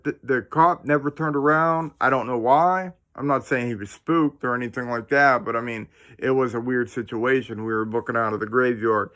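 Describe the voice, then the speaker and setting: A man of middle pitch tells a story straight to his viewers, casual and excitable. He rambles, restarts his sentences and throws in plenty of slang as he goes. He is talking at home. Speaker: paranormal storyteller, channel host. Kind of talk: casual first-person storytelling to camera. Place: indoors at home.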